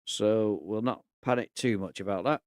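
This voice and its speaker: Low-voiced man thinking aloud. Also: moderate pace, no echo, studio quality. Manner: thinking aloud, relaxed and chatty. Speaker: gaming YouTuber. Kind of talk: casual game commentary.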